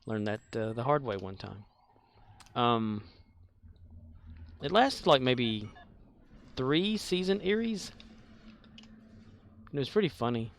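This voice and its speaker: Male game streamer, rambling self-mocking chat, gravelly voice. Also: medium pitch, big pitch swings, slow, pauses often. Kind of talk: casual gaming commentary.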